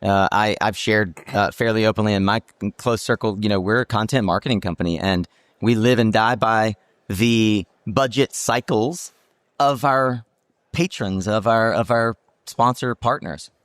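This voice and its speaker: A man's voice: fairly low pitch, normal speed, clear, resonant tone, dry recording. A man hosting a roundtable talk at a trade show, reflective and thinking aloud with many fillers. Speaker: podcast host. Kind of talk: roundtable discussion.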